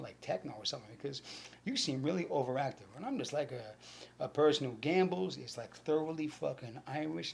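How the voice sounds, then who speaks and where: A man from New York with a New York accent, telling a rambling, profane stand-up story and acting out the voices with sudden whispers and shouts. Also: medium pitch, creaky, a little hiss or hum. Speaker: stand-up comedian.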